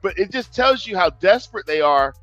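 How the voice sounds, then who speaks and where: A man with a fairly high voice tells a story in a loose, profane way. He laughs now and then and acts out both sides of a phone call. Faint music plays under his talk. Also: a little fast, no echo. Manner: profane, laughing, animated retelling. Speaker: panel member. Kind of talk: casual storytelling.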